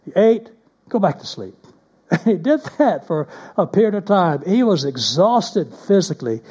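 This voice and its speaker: A pastor preaching a sermon, moving between loud emphatic stretches and hushed, near-whispered passages. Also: male voice, high voice, big pitch swings, moderate pace, breathy edge.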